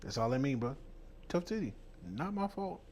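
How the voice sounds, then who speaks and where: A man's voice: medium pitch, big pitch swings, normal speed, darkish tone, a little hiss or hum. A man hosting a heated commentary, talking bluntly and mockingly with plenty of profanity. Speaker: host.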